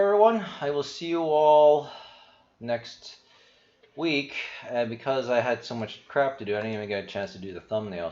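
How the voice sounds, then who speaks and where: A man's voice: medium pitch, darkish tone, dull audio. Rambling man streaming from a roomy room. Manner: meandering, many restarts, thinks aloud. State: out of breath. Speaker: crypto and stock market streamer. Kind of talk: casual rambling livestream talk.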